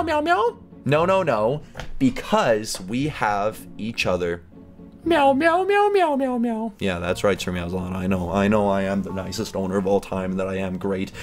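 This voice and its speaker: Excitable gaming creator, man, lively swooping delivery, faint music behind. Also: medium pitch. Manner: excitable, gasping and squealing in delight. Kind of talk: casual let's-play commentary.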